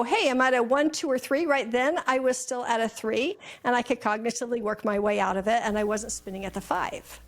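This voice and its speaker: A middle-aged woman talking as a guest in a relaxed conversation, her voice sitting a little high. She tells lively stories and slips into other people's voices as she goes. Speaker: guest mentor. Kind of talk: casual conversational storytelling.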